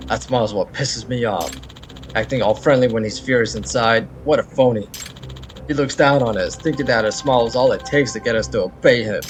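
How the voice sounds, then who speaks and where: A man's voice: mid-range voice, a little fast, lightly acted. A man voicing a snarling teenage delinquent, reading game dialogue aloud with a crude, taunting manner. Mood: sneering.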